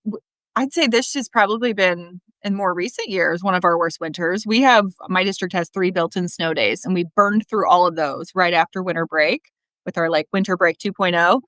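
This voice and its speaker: A woman from Missouri, a middle school teacher guesting on a podcast, talking in a relaxed, wry way. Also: lowish voice, normal speed, no echo. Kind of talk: casual podcast interview.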